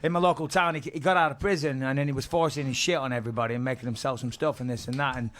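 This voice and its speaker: A man in his thirties with an English accent, a podcast guest telling stories in casual, profane, animated talk that repeats phrases when he gets excited. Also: mid-range voice, racing. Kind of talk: casual storytelling.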